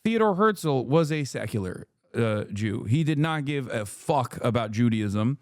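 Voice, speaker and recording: A man streaming a reaction video, talking loosely and profanely, with many fillers and lively jumps when he quotes people. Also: medium pitch, a little slow, no echo, studio quality. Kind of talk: casual reaction commentary.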